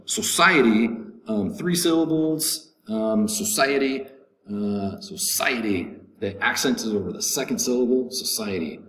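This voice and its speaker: Male teacher drilling vocabulary, echoey room. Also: mid-range voice. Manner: repeats each word slowly, stating syllables, stress and definitions. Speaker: English teacher. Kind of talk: vocabulary lesson recording. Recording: echoey room, faint background noise.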